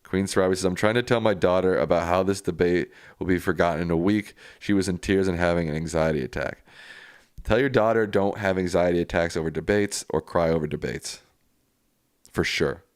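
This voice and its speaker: A man with a very low voice hosts a live stream, reading out viewer comments and giving casual, plainspoken answers. The sound is dry and close, with no room echo. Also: clean tone.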